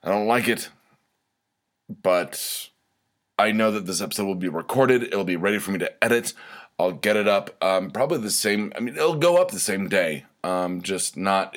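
A young man with a deep, low voice hosts a solo podcast in a loose, casual monologue. He rambles, restarts sentences and pokes fun at himself, with plenty of fillers along the way. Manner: rambling and self-deprecating, many fillers and restarts. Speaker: podcast host.

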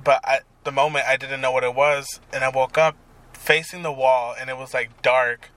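A man's voice: mid-range voice, flat delivery, normal speed, a bit bright. A young man hosting a casual solo podcast from his parked car, rambling and swearing as he talks. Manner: crude, rambling, profane storytelling. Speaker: podcast host.

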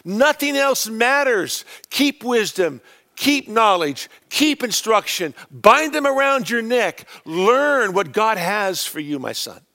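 A man preaching a sermon in a notably high voice. He hammers key words with rising force, then drops back into quieter, lower lines. His delivery is earnest and emphatic throughout. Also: big pitch swings, takes it slowly. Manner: emphatic, swings between loud stresses and quiet low phrases.

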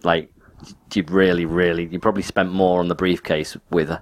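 A man with a very low voice co-hosts a podcast, talking in a loose, rambling way and poking fun at himself. A faint hiss of noise sits under the recording. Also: flat delivery, moderate pace. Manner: rambling, chatty, self-deprecating. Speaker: podcast co-host. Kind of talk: casual banter.

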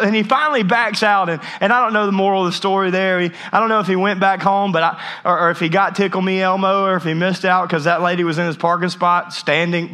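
A man's voice: high-pitched, bright, forceful tone. A man in his thirties preaching a humorous sermon, telling a story with jokey asides and frequent restarts. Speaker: pastor.

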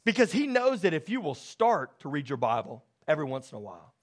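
A man in his thirties preaching a sermon as pastor, telling stories with lively, excited delivery that grows loud. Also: on the high side, quick pace.

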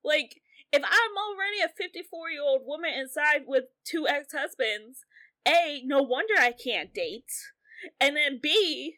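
A woman in her late twenties chatting casually as a podcast co-host, animated and swearing a lot, often laughing through her words. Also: high-pitched, unhurried. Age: 20s. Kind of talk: casual chat.

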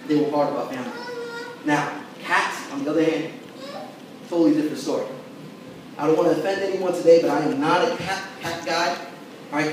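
A man preaching a sermon as pastor, talking in a conversational, animated way and checking in with the congregation as he goes. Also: on the high side, slight background noise. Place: church sanctuary. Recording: echoey church hall, mic at a distance.

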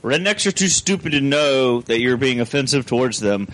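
A man's voice: medium pitch, lively intonation, slight background noise, low-quality recording. A young man co-hosting a casual podcast, brash and joking, laughing often. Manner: loud, brash, quick jokes, laughs a lot. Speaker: podcast host.

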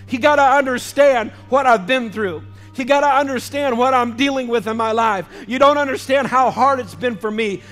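A childless woman pours out her grief in a loud, emotional plea, as a male preacher gives her voice. The voice sits high. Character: distraught childless woman pleading in prayer.

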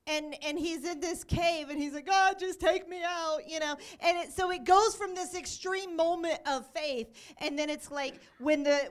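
A woman teaching on scripture in an informal church setting, telling stories and acting out the quotes. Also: high voice. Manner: animated storyteller, acts out quotes.

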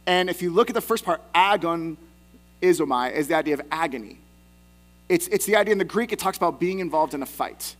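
Man, pastor, sermon, conversational, self-deprecating asides, somewhat high voice, faint electrical hum. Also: expressive, brisk.

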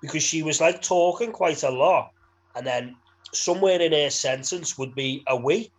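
A man's voice: fairly high pitch, normal speed, poor audio. Laddish young Liverpool man bantering. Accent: Liverpool English. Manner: laddish, swears freely, laughs a lot. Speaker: podcast co-host. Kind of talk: casual banter.

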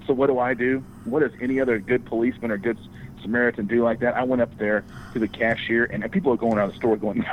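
A man telling a crude story in casual podcast chat, animated and swearing freely. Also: medium pitch, fast talker, a little hiss or hum, rough recording.

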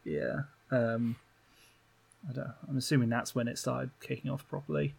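A man with a rough, gravelly edge and a slightly husky texture talks through a film in a relaxed podcast chat. He hesitates often, filling gaps with ums and restarts, at a medium pitch. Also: moderate pace. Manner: relaxed, hesitant, lots of fillers. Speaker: podcast co-host. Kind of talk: casual film review chat.

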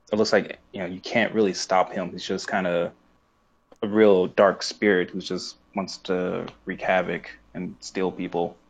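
A man's voice: fairly low pitch, dull audio. A man chatting casually as a podcast co-host, often searching for words and laughing. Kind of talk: casual chat.

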